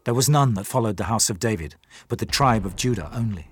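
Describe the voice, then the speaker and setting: A man narrating a dramatized scripture reading in a measured, formal manner. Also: lowish voice, animated, slightly rough. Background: faint music.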